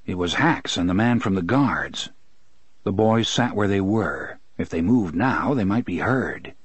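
A man's voice: deep voice, expressive, a little slow, breathy edge, no room sound. A man narrating a story in scripted audiobook style, shifting his voice for characters.

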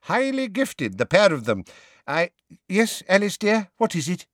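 Man putting on a high, lofty old grandmother, imperious, brisk, falsely cheery, very dry close sound. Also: wildly swooping pitch, no echo, exaggerated voice. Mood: proud. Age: older. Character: stern elderly grandmother, proud and imperious.

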